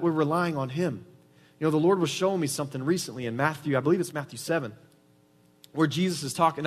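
A male pastor preaching a sermon in church, animated, often tagging his points with "right?". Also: extremely high pitch, in a large hall.

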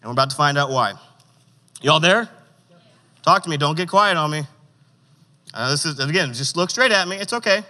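A man preaching to teenagers, calling for answers from the room and reading scripture slowly with emphasis. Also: high voice, bright, forceful tone. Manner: interactive, coaxing audience responses; reads scripture with slow emphasis. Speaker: youth pastor. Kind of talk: sermon. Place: church hall. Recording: long hall reverb.

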